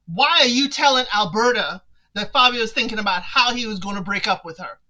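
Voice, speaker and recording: A woman hosting a casual reality-show recap, animated and talking straight to the people on the show. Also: on the high side, moderate pace, low-quality recording. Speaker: recap podcast host.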